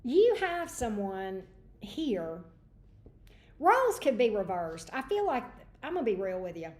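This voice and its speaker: A woman's voice: on the high side, very animated, measured pace, a little mellow. A woman hosting a livestream tarot reading, chatty and greeting viewers by name. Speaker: tarot reader. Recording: echoey room.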